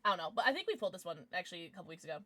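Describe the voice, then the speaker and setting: A woman's voice: lowish voice, sing-song, racing, sharp tone, no room sound. A young adult woman streaming, chatting casually with viewers in a bubbly way, gasping and squealing as she reacts. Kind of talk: casual livestream chat.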